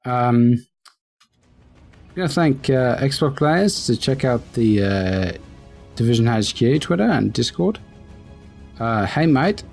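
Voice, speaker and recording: A man's voice: mid-range voice, animated, unhurried, gravelly, darkish tone, faint music behind. A man co-hosting a casual gaming podcast, talking loosely with lots of ums and restarts. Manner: rambling, with many ums and restarts. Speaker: podcast co-host.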